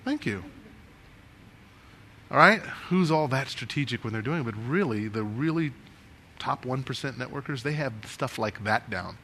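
A man leading a networking workshop before a live room, animated and restless, often asking the audience questions and moving as he talks. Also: mid-range voice, moderate pace, pauses often. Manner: animated, talks with his hands and moves around; asks the room many questions. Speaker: speaker giving a networking workshop.

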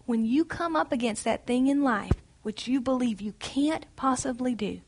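A woman's voice: a little high, normal speed, darkish tone. A woman leading a Bible study, speaking in an earnest, encouraging, conversational way.

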